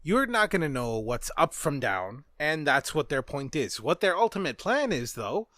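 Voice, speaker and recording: Male podcast co-host, wry and teasing, bright animated voice. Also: on the high side, normal speed, no echo, studio quality. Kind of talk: casual political chat.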